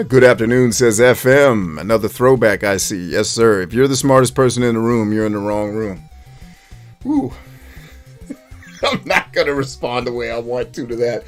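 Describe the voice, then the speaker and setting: With a measured pace and a mid-range voice, a man chats casually during a retro game live stream, faint music playing behind. He reads viewer comments, curses freely, and laughs a lot, staying animated throughout.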